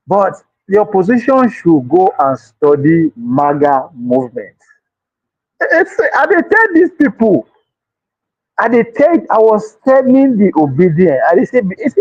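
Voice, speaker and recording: Nigerian guy ranting about politics, high voice jumping all over, dry dull sound. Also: breathy edge, no echo. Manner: excitable, laughs and exclaims often, mixes in pidgin. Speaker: political commentator. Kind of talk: animated political chat.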